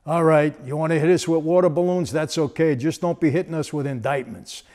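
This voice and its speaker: A man quoting a big, tough, deep-voiced mob soldier in his own voice. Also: fairly even intonation, brisk, darkish tone, lightly acted. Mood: defiant.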